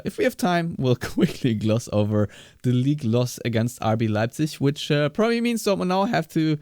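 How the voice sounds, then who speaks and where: A man's voice: medium pitch, no room sound. A man hosts a casual football podcast in an easygoing, chatty manner, with ums and laughs along the way. His voice sits in an ordinary middle register. It is recorded dry and close, with no room sound. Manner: relaxed, chatty, with fillers and laughs. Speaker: podcast host.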